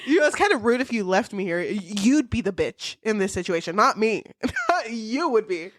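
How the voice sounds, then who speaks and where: A woman co-hosting a podcast, chatting playfully about a book with laughs and quick asides. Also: medium pitch, big pitch swings, dry recording, clean studio sound. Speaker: podcast co-host. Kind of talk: casual book chat.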